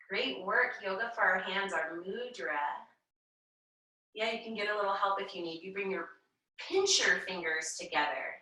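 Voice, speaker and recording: A woman leading a children's yoga class, talking slowly and gently and encouraging the kids with chants and animal sounds. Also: mid-range voice. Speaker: kids' yoga teacher. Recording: echoey room, mic far off.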